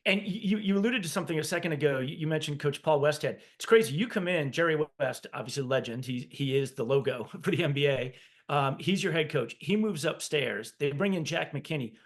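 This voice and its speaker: A man hosting a casual interview, with a fairly high voice. He lays out long questions with fillers and restarts, correcting himself as he goes. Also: fairly bright tone. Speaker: podcast host, interviewer.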